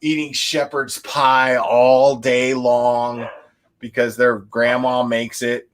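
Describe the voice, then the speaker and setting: A man with a medium-pitched, fairly flat voice speaks slowly while hosting a livestream. Tipsy from drinking, he chats casually and rambles, restarting often, laughing, and swearing.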